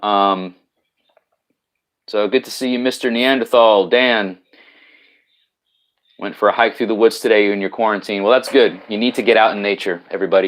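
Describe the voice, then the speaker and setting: Man, fairly low voice, live stream host, casual rambling, lots of ums and restarts, reading out viewer comments, laptop mic at home. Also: fairly even intonation, normal speed, pauses often. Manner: rambling, with many fillers and restarts.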